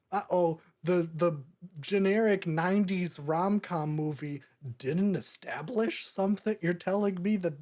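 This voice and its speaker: In a relaxed movie-review chat, a podcast host rambles through the film and keeps bursting into laughter, speaking in a mid-range voice that's a little mellow.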